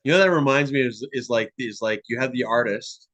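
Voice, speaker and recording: A man's voice: medium pitch, fairly quick, a bit bright, no echo. A man chatting casually about music and art, rambling and full of "like" and "you know". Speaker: podcast guest, musician. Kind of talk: casual conversation.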